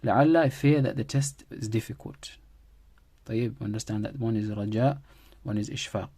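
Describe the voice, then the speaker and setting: A man's voice: on the low side, moderate pace, dark tone, husky. Man teaching grammar, repeating key phrases. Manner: repeats key phrases, explains with everyday examples. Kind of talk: classroom-style grammar lesson.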